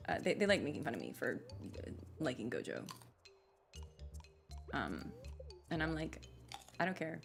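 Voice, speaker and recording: A woman's voice: very deep voice, huge pitch swings, normal speed, vocal fry, long pauses, soft background music. A young adult woman giving casual, rambling commentary while playing a game, often laughing at herself. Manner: giggly, rambling, self-deprecating. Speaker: gaming streamer.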